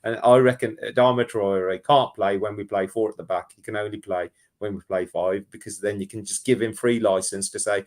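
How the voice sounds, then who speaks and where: A man calling in to a football phone-in, talking in an animated, rambling way and often restarting his sentences. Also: lowish voice, fairly quick, hardly any pauses. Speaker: caller. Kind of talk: casual football phone-in chat.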